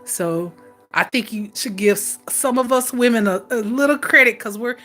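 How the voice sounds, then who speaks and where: A woman's voice: a little high, normal speed, pushed and bright, faint music behind. A woman hosting a casual livestream who reads viewer comments, laughing often and teasing them as honey. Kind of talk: casual chat.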